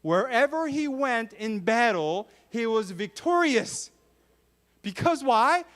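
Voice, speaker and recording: A man preaching a sermon to children, lively and full of questions to the kids in a church. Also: very high-pitched, slow.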